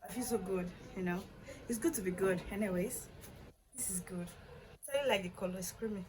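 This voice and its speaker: A young woman, chatting excitedly to camera as she unboxes gifts, gushing and laughing often. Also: medium pitch, fairly quick, a little hiss or hum, rough recording. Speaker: vlogger unboxing birthday gifts. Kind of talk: excited casual chat to camera.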